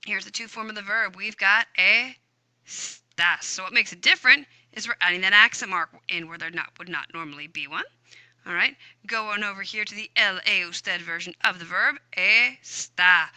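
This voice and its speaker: A Spanish teacher records an upbeat, chatty grammar lesson, muttering to herself as she types on screen. Her mid-range voice has a sharp tone at normal speed, with no echo.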